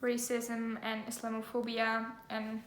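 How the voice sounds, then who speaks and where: A woman's voice: fairly high pitch, monotone, unhurried, a bit bright, slight background noise. Gushing young woman, echoey room. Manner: gushing, giggly, full of fillers. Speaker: book vlogger. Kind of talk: casual book haul chat with read-aloud synopses. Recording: echoey room, faint ambience.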